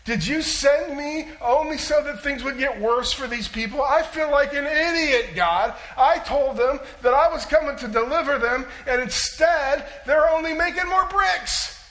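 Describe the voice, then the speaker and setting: A preacher acting out an exasperated prophet crying out. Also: male voice, very high-pitched, measured pace, hardly any pauses, roomy sound, voice pushed up, exaggerated voice, rough recording. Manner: loud, pleading, shouting at times. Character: exasperated male prophet complaining to God.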